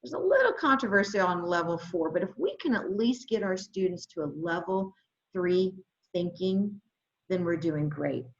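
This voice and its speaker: A woman leading an adult education webinar, talking to teachers with lots of excitement and reading chat replies aloud over a computer microphone. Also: lowish voice, normal speed. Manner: enthusiastic, exclamatory, reads chat aloud. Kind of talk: webinar presentation. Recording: roomy, slightly dull webinar audio.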